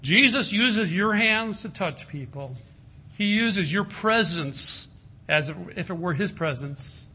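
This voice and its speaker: A man preaching a sermon in an earnest way, slowing down and softening his voice to stress a point. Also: sits high, lively intonation, breathy edge. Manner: earnest, slows and softens for emphasis. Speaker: pastor.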